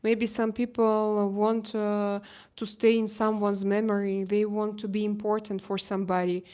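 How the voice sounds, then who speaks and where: A young woman with a Russian accent chatting casually on a phone live stream, halting with fillers and restarts, reading chat messages. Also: medium pitch, flat delivery, a little mellow, clear, resonant tone. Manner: halting, many fillers and restarts, laughs easily. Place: home terrace.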